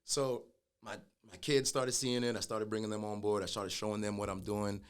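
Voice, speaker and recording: A middle-aged man, a guest telling his own story in a casual conversation, animated and acting out the voices of people he quotes. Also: on the low side, normal speed, clean tone. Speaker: guest, clothing brand founder.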